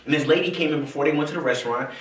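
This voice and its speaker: Man from the south, quick casual storytelling, echoey room, mic some distance off. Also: on the high side. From American South. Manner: animated, acts out quoted voices, many fillers. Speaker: realtor telling his story. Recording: roomy, from a distance.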